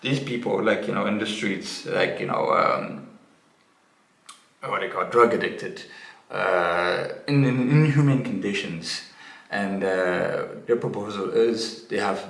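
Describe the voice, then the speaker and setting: Angry, sarcastic man with a gravelly voice. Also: deep voice, fairly bright tone, echoey room. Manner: angry, sarcastic, heavy swearing, halting restarts. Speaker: commentator reacting to a clip. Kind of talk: profane reaction commentary.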